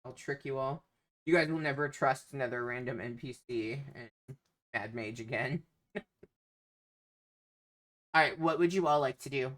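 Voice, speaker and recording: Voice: medium pitch, moderate pace, long pauses, a bit bright. A game master narrating a tabletop game, hesitant and full of filler sounds.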